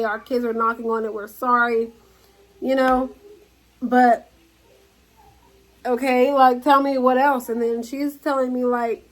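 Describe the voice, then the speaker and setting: A woman telling a story about her neighbors in a casual vlog, acting out quotes with lively swings and sometimes dropping to a whisper. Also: a little high, rough recording. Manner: animated storytelling, acts out quotes, drops to a whisper at times. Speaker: vlogger.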